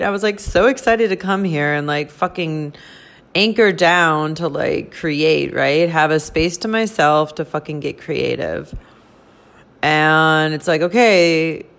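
Woman host, unfiltered profane vent, slightly low voice, tired and laughing. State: tired and overwhelmed. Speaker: podcast host. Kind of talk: casual venting monologue.

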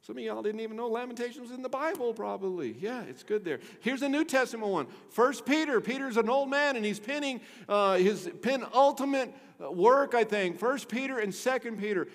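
A man preaching a sermon to his church, swinging between loud emphasis and hushed low tones, with a bass singing voice. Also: animated, a little fast, few pauses. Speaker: pastor. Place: church sanctuary. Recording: long hall reverb.

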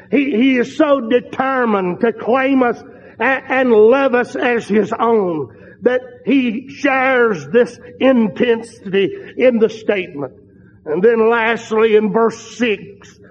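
High-voiced guy preaching real slow, leans hard on repeated words, dull recording w long hall echo. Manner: slow, emphatic, repeats phrases for stress. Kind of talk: sermon.

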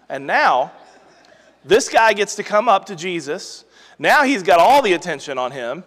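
A man hosting a Bible teaching podcast, reading scripture aloud and then explaining it in a relaxed, conversational way. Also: a little high. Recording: long reverberant hall sound.

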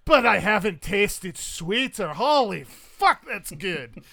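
A man voicing a small, fierce, brash woman in a tabletop game, loud and teasing with drawn-out words. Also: high voice, sing-song, vocal fry, dry recording, pitched above the performer's own voice, heavily acted. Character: tiny brash woman, a highlander's fierce wife.

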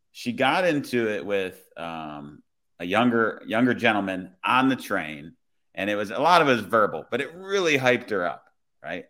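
A man, a police officer, telling a work story in a relaxed, conversational way. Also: fairly low pitch. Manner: relaxed, conversational, many "I was like" retellings. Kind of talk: casual storytelling.

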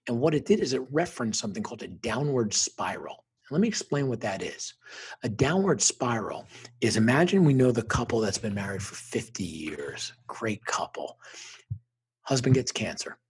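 A man's voice: lowish voice, very animated, a little fast, breathy edge. A middle-aged man and motivational speaker telling his personal story as a guest, intense and emphatic with punchy repeated phrases.

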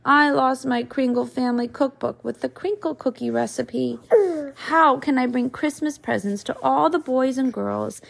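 A woman's voice: high-pitched, normal speed, creaky, full character voice. A woman reading aloud and voicing a worried, sighing old Santa Claus. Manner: sighing, fretful.

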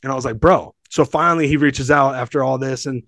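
A man's voice: mid-range voice, steady tone, quick pace, a bit bright, dry recording. A man in his forties from Southern California, a gym owner telling his story as a podcast guest in a profane, emphatic, rambling way. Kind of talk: casual storytelling.

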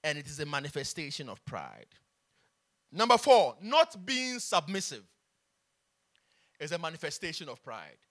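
A man's voice: a little high, big pitch swings, moderate pace, long pauses, a bit bright. A man preaching a sermon, repeating his key phrases with emphasis.

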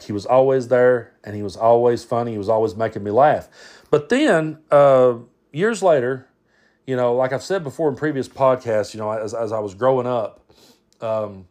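A man's voice: medium pitch, a little mellow. Rambling man telling stories. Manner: rambling, self-interrupting, chuckling. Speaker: podcast host. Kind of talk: casual storytelling.

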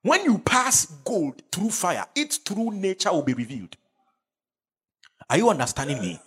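A man's voice: high voice, very animated, normal speed, fairly bright tone, husky. A man preaching a fervent sermon, calling out to the congregation for responses. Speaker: pastor.

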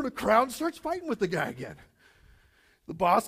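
A male preacher with a fairly high voice delivers a casual sermon. He tells stories with jokes, swinging from loud, punchy lines to quiet asides. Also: quick pace. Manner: casual, animated storytelling with jokes. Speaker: pastor.

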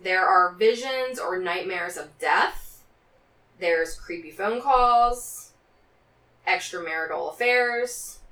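A fairly low-pitched woman's voice, pushed and bright, unhurried and expressive. She co-hosts a casual film podcast, reading from notes amid banter and frequent laughter, recorded on a roomy, slightly distant mic.

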